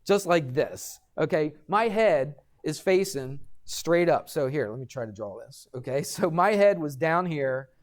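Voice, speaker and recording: Animated middle-aged male math teacher. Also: on the high side, a little slow, few pauses. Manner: animated, addresses students directly with frequent "right?". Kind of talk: classroom storytelling and lecture. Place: classroom.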